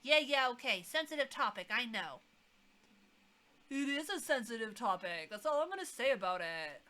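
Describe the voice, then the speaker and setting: A woman's voice: a little high, animated, moderate pace, sharp tone. A woman in her thirties casually commenting while streaming a game, with wry, chatty asides.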